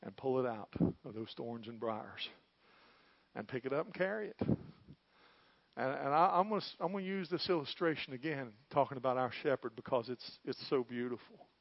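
A man preaching a sermon, with an impassioned delivery that swells to loud peaks. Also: medium pitch, animated, normal speed, creaky, no room sound, muffled recording.

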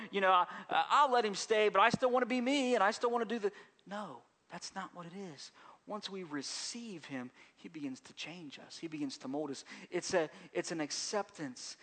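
A male pastor preaching a sermon in a church service, moving between hushed, gentle passages and raised, emphatic appeals, with frequent repeats and restarts. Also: sits high. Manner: repeats phrases and restarts mid-sentence, conversational preaching.

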